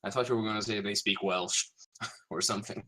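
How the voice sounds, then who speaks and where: A young man from Sweden, Swedish his first language, chatting casually on a podcast and explaining things in a measured way with some restarts. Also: on the low side, steady tone, bright, forceful tone, rough recording. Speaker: podcast guest. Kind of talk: casual chat.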